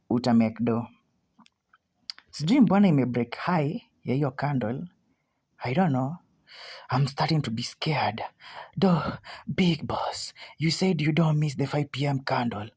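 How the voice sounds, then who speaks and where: A Kenyan woman giving anxious, excitable live commentary as she trades, repeating herself often. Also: sits low. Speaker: forex trader streaming live.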